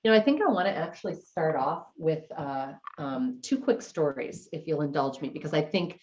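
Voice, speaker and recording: A woman's voice: deep voice, lively intonation, normal speed, a little mellow, slight background noise. A middle-aged woman teaching a decluttering workshop, telling stories in a chatty, conversational way full of "like" and "you know". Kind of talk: storytelling in a live class talk. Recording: dull lo-fi recording.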